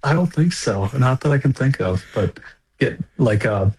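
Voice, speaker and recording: A man from Minnesota, a restaurant owner, giving easygoing, slightly halting answers in a radio interview. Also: medium pitch, lively intonation, darkish tone, a little hiss or hum, poor audio.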